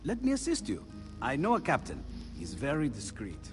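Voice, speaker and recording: An actor playing an older Renaissance inventor, gentle, musing and absent-minded. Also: male voice, medium pitch, wildly swooping pitch, normal speed, over music. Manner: gentle, musing, enthusiastic about his research.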